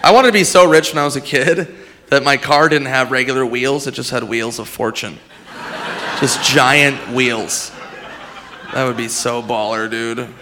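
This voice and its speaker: A man doing a stand-up set, animated and given to shouting. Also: medium pitch, unhurried, a little hiss or hum. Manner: animated, yelling impressions. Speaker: stand-up comedian.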